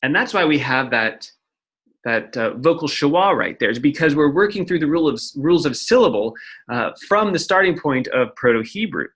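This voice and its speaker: A man's voice: on the high side, animated, moderate pace, fairly bright tone, breathy edge. A man teaching a lecture-style lesson, explaining step by step and often checking in with "right?". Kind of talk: recorded lecture at a whiteboard.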